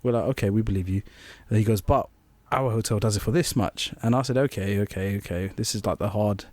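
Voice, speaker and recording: A man's voice: fairly low pitch, brisk, darkish tone, dry recording. A young man co-hosting a podcast, rambling through an anecdote and acting out quoted voices. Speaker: podcast co-host. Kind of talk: casual storytelling chat.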